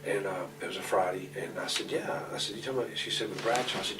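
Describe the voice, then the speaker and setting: A man in his forties tells rambling, profane stories in a shoot interview. His voice sits fairly low and he talks bluntly. The mic is set well back and room noise hangs behind him. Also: fast. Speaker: pro wrestler interview guest. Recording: distant mic, noisy room ambience.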